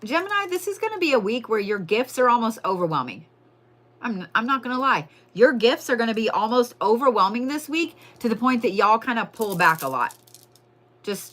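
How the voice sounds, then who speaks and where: A woman's voice: mid-range voice, fairly bright tone. A woman giving a casual, profane live crystal and zodiac reading, chatting to viewers as y'all. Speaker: livestream tarot and crystal reader.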